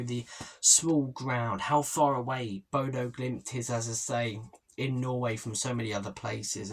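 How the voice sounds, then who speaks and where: A man's voice: mid-range voice, breathy edge. A young man hosting a football fan channel, talking through a post-match reaction in a chatty, opinionated way and often repeating himself. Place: holiday stay by the sea.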